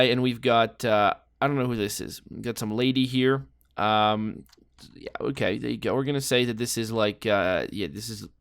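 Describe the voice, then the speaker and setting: A man's voice: medium pitch, clear, resonant tone, no room sound, studio quality. A man giving casual, rambling commentary while playing a guessing game, joking and thinking aloud. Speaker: gameplay commentator.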